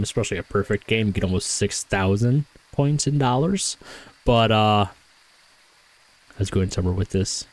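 A man's voice: on the low side, darkish tone, a little hiss or hum, rough recording. A man giving casual, think-aloud commentary while playing a game, often correcting himself and talking to the in-game ghost. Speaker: gaming streamer.

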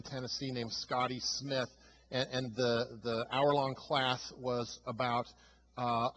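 A male pastor preaching a sermon with emphatic delivery, swinging from loud stresses to hushed lines. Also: medium pitch, low-quality recording.

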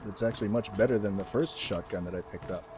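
A man's voice: lowish voice, fast talker, over music. A man giving casual let's-play commentary as he plays, making wry, joking asides. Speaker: gameplay commentator.

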